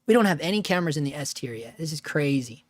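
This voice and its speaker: A man's voice: on the high side, animated, fast, slight background noise. A man hosting a casual live stream at home, rambling, joking and often laughing at himself while reading chat. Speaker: livestream host.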